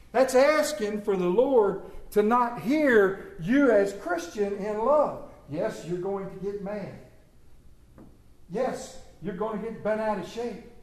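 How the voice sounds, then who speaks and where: A man's voice: high-pitched, roomy sound, poor audio. A man preaching a sermon, reading scripture and telling stories with emphatic calls to his congregation. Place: church.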